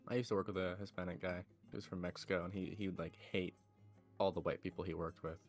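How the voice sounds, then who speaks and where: A man co-hosting a podcast, chatting in a quick, offhand, plainspoken way. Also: sits low, steady tone, soft background music. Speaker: podcast co-host. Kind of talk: casual chat.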